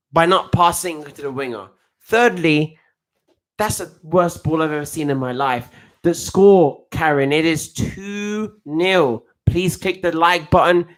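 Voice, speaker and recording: A man giving a casual, rambling live reaction to a football match as a coach, full of restarts and slang. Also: a little high. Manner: excitable, rambling, with frequent restarts and slang like "bruv".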